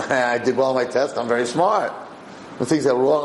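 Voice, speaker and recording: A man giving a Torah class, lively and animated, often acting out the people he quotes. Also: mid-range voice, fast. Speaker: Torah teacher. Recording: roomy room echo, faint background hiss.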